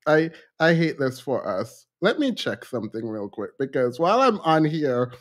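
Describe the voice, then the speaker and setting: A man's voice: medium pitch, big pitch swings, moderate pace. A man hosting a casual commentary show, chatty and often laughing between his remarks. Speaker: host.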